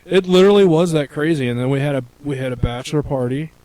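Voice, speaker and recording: Animated, profane male storyteller. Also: on the high side, fast talker, low-quality recording. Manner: animated, profane, acts out voices. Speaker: podcast co-host. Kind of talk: casual storytelling.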